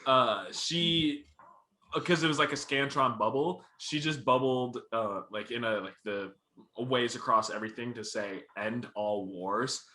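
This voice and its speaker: A man's voice: medium pitch, measured pace, bright, forceful tone. A young man co-hosting a casual podcast, telling school stories and laughing often. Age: young adult. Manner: laughing, storytelling. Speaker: podcast co-host. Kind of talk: casual chat. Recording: echoey room.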